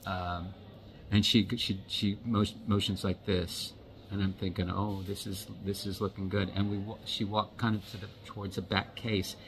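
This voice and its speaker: Gravelly-voiced man telling a story. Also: on the low side, a little hiss or hum, low-quality recording. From United States. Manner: rambling, halting, repeats words. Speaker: watch vlogger. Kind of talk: casual storytelling.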